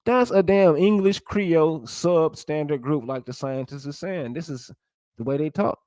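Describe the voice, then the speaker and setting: A man's voice: a little high, moderate pace, darkish tone, dry recording. A man giving casual, blunt commentary while reading a text aloud, with an opinionated tone and the odd swear word. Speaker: vlogger.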